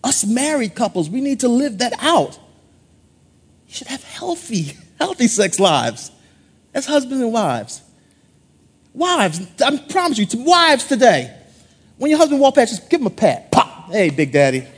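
Husky, lively-pitched preaching man. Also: measured pace, pauses often. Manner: playful, call-and-response preaching. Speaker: pastor. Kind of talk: sermon.

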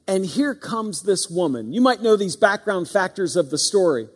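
A man preaching a sermon as pastor, earnest, slowing down to stress words. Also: high voice, expressive, husky, in a large hall. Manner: earnest, with pauses and slowed stress.

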